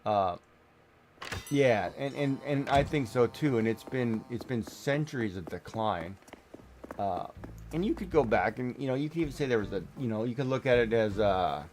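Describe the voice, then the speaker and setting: A man's voice: medium pitch, lively intonation, normal speed, darkish tone, slight background noise. A middle-aged man streaming a game, chatting casually in a rambling way with many restarts and fillers. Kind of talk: casual chat while gaming.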